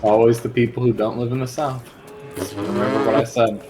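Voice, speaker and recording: A man's voice: mid-range voice, steady tone, brisk, over music. A man with a General American accent co-hosting a game stream, chatting casually in a dry, opinionated way. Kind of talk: casual chat.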